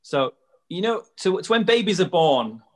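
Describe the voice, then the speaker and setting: A man's voice: sits high, very animated, moderate pace. Curious male host thinking aloud. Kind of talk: casual interview chat.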